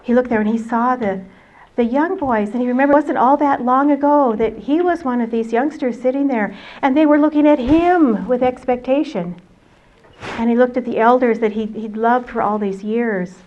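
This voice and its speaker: A woman storyteller telling a tale aloud in an expressive, conversational way. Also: a little high, normal speed. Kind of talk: oral storytelling performance. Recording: dull lo-fi recording.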